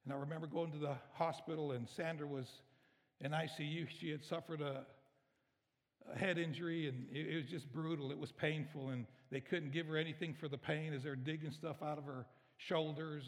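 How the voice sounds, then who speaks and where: Middle-aged man, pastor, emotional storytelling sermon, slightly high voice, big church reverb. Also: steady tone, brisk. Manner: emotional, storytelling, conversational preaching. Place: church sanctuary.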